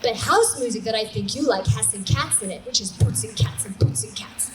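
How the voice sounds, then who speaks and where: A man's voice: high voice, animated, brisk, music in the background, pitched below the performer's own voice. Woman doing an eager young male DJ teacher. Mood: enthusiastic. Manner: enthusiastic, explaining with sound effects. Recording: echoey live room with background noise.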